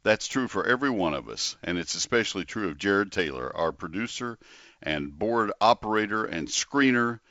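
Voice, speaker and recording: Folksy older radio host, deep voice. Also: male voice, moderate pace, dry recording, muffled recording. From Texas. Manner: folksy, animated, chatty with exclamations. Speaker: radio garden show host. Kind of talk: call-in radio talk.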